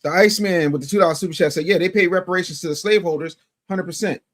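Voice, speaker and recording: Male streamer, chat-reading commentary, pitched a little high, emphatic, repeats himself, volume swings. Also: racing. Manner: animated, swings from loud to low and muttered; emphatic, repeats phrases for effect. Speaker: livestream host.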